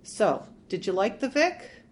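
A brash, flirtatious male detective with a cocky, teasing way of talking, as a woman reads him aloud. He sounds like a plain storybook voice rather than a deep put-on. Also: sing-song, measured pace.

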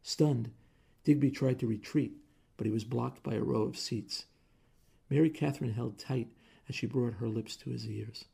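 A man narrating a story in a measured audiobook reading style. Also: mid-range voice, vocal fry, mellow, breathy edge.

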